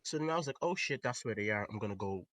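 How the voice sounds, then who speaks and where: A young man telling a story in a casual podcast chat, animated and swearing, with loud outbursts. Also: lowish voice, fast talker, no room sound. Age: young adult. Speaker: podcast co-host.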